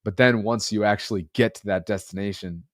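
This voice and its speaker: In a relaxed podcast conversation, a thirty-something male co-host speaks with a low, blocked-up voice, clearly a bit sick. He keeps a steady tone and a fairly quick pace while musing sincerely and at length. The audio is close-miked and dry, without any echo.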